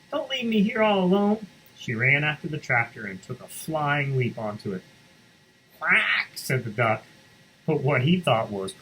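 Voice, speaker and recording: With a slightly rough, medium-pitched voice, a man reads a picture book aloud to students on morning announcements. He gives an expressive storybook reading with pauses for explanation, captured in a low-quality recording.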